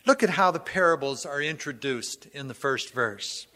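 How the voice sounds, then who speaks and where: A man preaching a sermon, reading scripture aloud and then expounding it in an emphatic, measured way. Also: on the high side, expressive, bright, forceful tone. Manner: emphatic, measured preaching with falling phrase ends. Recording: long hall reverb.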